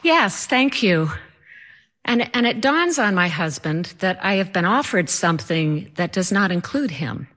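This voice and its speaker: A woman's voice: fairly low pitch, big pitch swings, moderate pace, few pauses, a bit bright, some chatter behind. A woman telling a personal story in a wry, self-mocking way.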